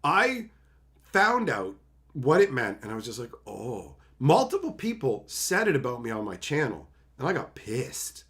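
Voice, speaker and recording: A man from Canada reading chat messages aloud and chatting casually on his livestream, jokey and animated, often slipping into mocking voices. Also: mid-range voice, moderate pace.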